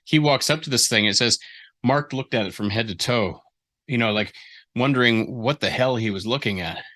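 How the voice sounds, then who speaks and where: Bright-voiced man giving writing feedback. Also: medium pitch, normal speed. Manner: rambling, restarts sentences. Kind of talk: casual critique session.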